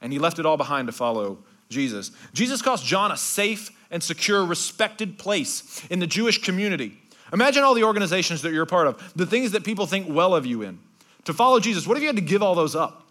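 A man preaches in a bright, forceful voice that sits a little high for a man. He keeps the sermon conversational, checking in with his listeners, then drops to slow, hushed passages to drive his points home. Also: very animated. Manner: swings between bright emphasis and hushed, slowed-down passages; conversational, with repeated asides like "okay?". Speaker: pastor.

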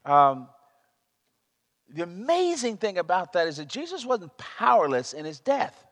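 A man's voice: sits high, big pitch swings, unhurried, fairly bright tone. A man preaching a sermon, emphatic and prone to repeating himself as he searches for words. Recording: long reverb of a large hall.

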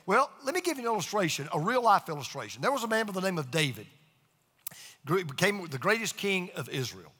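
A man's voice: high voice, very animated, fast talker, sharp tone, slightly rough, long reverb tail. A man preaching a sermon with emphatic call-and-response to his congregation. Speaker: pastor.

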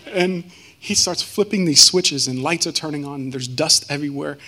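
A man giving a personal testimony as a guest speaker, earnest and halting, with many fillers and restarts. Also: on the high side, sharp tone.

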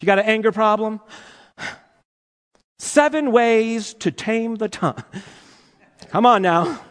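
A man preaching a sermon to his congregation in an animated, playful way, asking them rhetorical questions. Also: high-pitched, takes it slowly. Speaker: pastor. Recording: long hall reverb.

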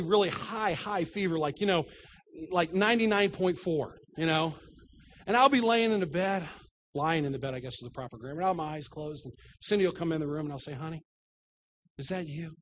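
A middle-aged male pastor delivers a sermon, telling stories with self-deprecating humor and shifting between loud and hushed passages. His voice is high-pitched, with a slight hiss or hum in the audio.

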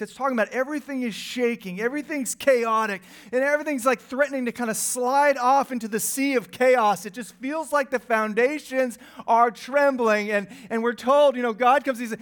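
A man preaching a conversational sermon, dropping to hushed near-whispers and rising to urgent bursts, often tagging lines with "right?". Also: sits high. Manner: conversational preaching with frequent "right?" and "you know". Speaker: pastor.

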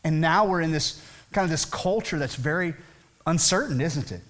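A man's voice: on the high side, lively intonation, moderate pace, a bit bright. A man preaching a sermon as pastor, talking conversationally and asking many rhetorical questions.

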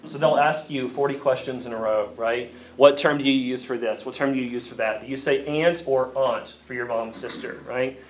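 A man's voice: medium pitch, fairly quick, few pauses, slight background noise. Southern man lecturing in an echoey room. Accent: Southern US, Appalachian Virginia. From Grayson County, Virginia, USA. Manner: energetic, asks the audience questions often. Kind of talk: classroom lecture with audience questions. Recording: echoey room, mic from a distance.

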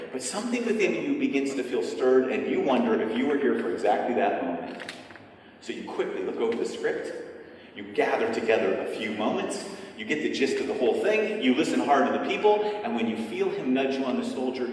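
Animated male preacher in an echoey hall. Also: medium pitch, brisk. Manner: animated storyteller, acts out dialogue. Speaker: retreat speaker. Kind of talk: sermon with scripture reading and prayer. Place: church retreat hall. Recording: echoey hall, distant mic, faint noise.

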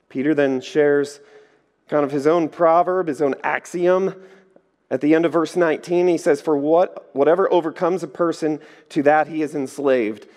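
Man preaching in an echoey hall. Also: a little high. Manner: lively storytelling, acts out voices. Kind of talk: sermon.

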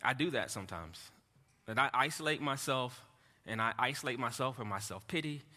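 A man preaches a sermon in a halting, earnest way, restarting phrases and turning to the congregation with asides. His voice is sharp and bright. The sound carries the long reverb of a church hall. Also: medium pitch, lively intonation. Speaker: pastor. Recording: echoey hall.

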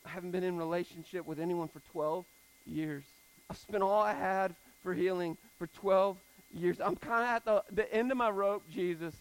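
A man's voice: high voice, normal speed, clear, resonant tone, poor audio. Man voicing a desperate, pleading healed woman. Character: desperate woman healed after twelve years.

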